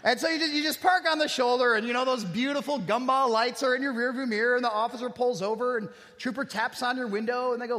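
A man's voice: very high-pitched, brisk, pushed and bright. A man preaching a sermon, telling personal stories with self-deprecating humor and rhetorical questions. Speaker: pastor. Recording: echoey hall with long reverb.

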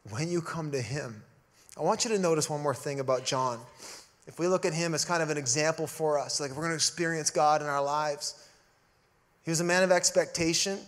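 Male pastor, high voice, sermon delivery, punchy emphasis with soft drops. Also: brisk. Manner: emphatic preaching, swelling and dropping to a hush.

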